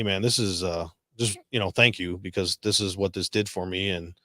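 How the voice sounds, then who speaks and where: Low-voiced and recorded dry in clean studio sound, this veteran guest from Detroit, Michigan tells war stories casually. He curses, laughs frequently, and animates his quotes of others.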